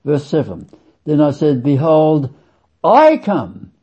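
A man preaching a sermon, emphatic and deliberate, stretching key words and swinging his voice up for stress. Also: very animated, slightly rough. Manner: emphatic, sweeping swings in pitch and loudness; slow, deliberate, drawn-out phrasing. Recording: dull lo-fi recording.

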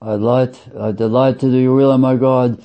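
A man preaching a sermon, emphatic and deliberate, stretching key words and swinging his voice up for stress. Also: little pitch movement. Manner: emphatic, sweeping swings in pitch and loudness; slow, deliberate, drawn-out phrasing. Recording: dull lo-fi recording.

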